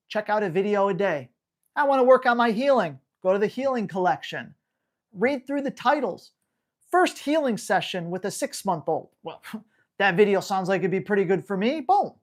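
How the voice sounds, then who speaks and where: A man's voice: sits high, animated, normal speed. A man hosting a live dog-training Q&A, talking bluntly and hammering home key words. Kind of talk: live Q&A stream.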